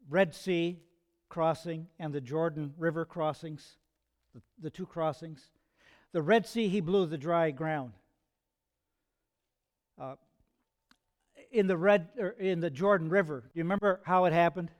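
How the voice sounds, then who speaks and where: A man preaching a sermon in an earnest, conversational way, asking his listeners rhetorical questions. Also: on the high side. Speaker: pastor.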